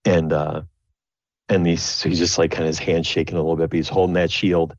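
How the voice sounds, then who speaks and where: A man with a deep, husky voice runs a tabletop game, rambling and restarting his sentences as he narrates. The recording is dull and dry. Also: little pitch movement, a little fast, dry recording. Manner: rambling, full of restarts and fillers. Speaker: game master.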